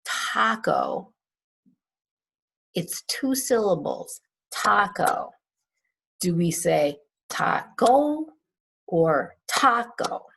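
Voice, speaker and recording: A woman English teacher walks through a lesson recap at a very slow pace, repeating each word to show where the stress falls. Her voice has a gravelly, husky edge and is a little low. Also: fairly bright tone. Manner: repeats words to model stress, patient. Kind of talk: recorded class recap, slow and deliberate.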